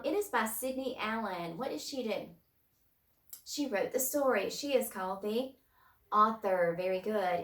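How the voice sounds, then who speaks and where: A woman teacher leading a children's phonics lesson, drilling sounds one at a time in a slow, patient way. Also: medium pitch, echoey room, distant mic. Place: home room, distance learning.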